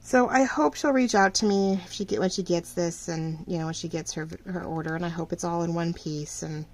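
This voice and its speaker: A middle-aged woman running a small shop, chatting casually and rambling while she crafts, full of fillers and lively ups and downs. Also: fairly low pitch, brisk. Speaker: craft vlogger and shop owner.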